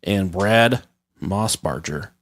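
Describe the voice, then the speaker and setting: A man's voice: deep voice, takes it slowly, fairly bright tone. A man hosting a podcast in casual, crude comedy chat, joking irreverently and reading articles aloud with asides. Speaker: podcast host.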